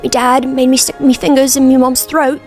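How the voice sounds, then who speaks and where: A woman voicing an awkward young man flatly recounting a painful childhood. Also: high-pitched, normal speed, soft background music, pitched above the performer's own voice, lightly acted. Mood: confessional. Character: awkward young man telling a sad past.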